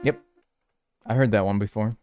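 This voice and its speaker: A man's voice: lowish voice, fairly even intonation, moderate pace, smooth, no echo, dull audio, soft background music. A young man streaming a video game, chatting casually and rambling, swearing freely as he talks. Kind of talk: casual stream chat while playing.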